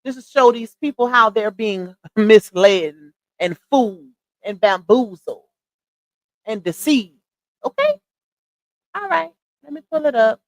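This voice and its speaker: Sassy high-voiced woman streamer. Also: animated, a little slow, pauses often, dry recording, poor audio. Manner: sassy, incredulous, addresses viewers as y'all and baby. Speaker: live stream commentary host. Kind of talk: casual livestream commentary.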